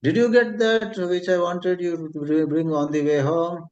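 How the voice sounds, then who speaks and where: A man with an Indian English accent voicing a loving but nagging wife, whiny and reproachful, pitched high. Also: little pitch movement, moderate pace, close to an everyday voice. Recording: dull lo-fi recording.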